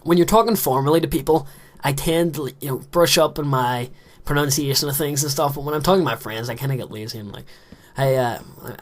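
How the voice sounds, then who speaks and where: A fast-talking man with a mid-range voice, in his late teens, offers casual gameplay commentary from a small closet room. As a gaming commentator, he rambles and makes self-deprecating remarks while he plays.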